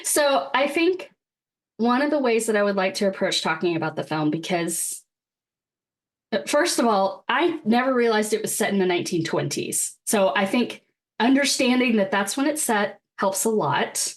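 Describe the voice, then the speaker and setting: A woman's voice: medium pitch, expressive, normal speed. Woman, podcast co-host, casual chat, wry, profane, laughs often, mid-range voice.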